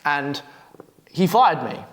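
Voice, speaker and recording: A man's voice: fairly high pitch, sing-song, slow. A brash young man coaching copywriters, telling stories in a blunt, swearing monologue. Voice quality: brash, swearing, storytelling delivery. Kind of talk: profane, blunt advice monologue.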